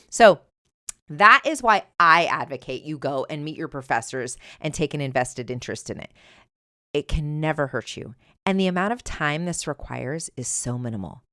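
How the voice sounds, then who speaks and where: A middle-aged woman talks straight into her mic as host of her own advice podcast, firm and emphatic. Her voice sits a little low and sounds smooth and clear. The sound is dry and close, with no room around it. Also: no echo. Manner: emphatic, conversational, animated when retelling. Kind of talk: solo podcast advice talk. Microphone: earbuds with mic.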